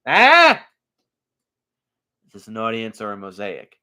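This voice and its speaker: Hades, a wisecracking underworld god. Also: male voice, medium pitch, big pitch swings, a little slow, pushed and bright. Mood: sardonic. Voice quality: sarcastic, smooth-talking. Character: wisecracking male god of the underworld, sly, fast-talking. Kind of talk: animated film dialogue.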